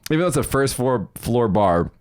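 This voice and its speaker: A man's voice: medium pitch, expressive, normal speed, darkish tone, clean tone. A young man from Las Vegas hosting a podcast, chatting casually, rambling and swearing freely. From Las Vegas, United States. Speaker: podcast host. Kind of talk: casual chat.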